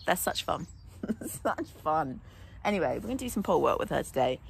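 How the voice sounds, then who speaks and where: A woman's voice: deep voice, big pitch swings, fairly quick, creaky, slight background noise. A young woman, a horse vlogger, chatting casually to camera in a rambling, laughing way at a stable yard.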